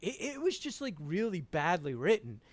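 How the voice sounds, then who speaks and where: A man chatting as a podcast guest over a call, animated, laughing often and restarting his sentences. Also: sits high, normal speed, dry recording. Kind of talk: casual podcast chat.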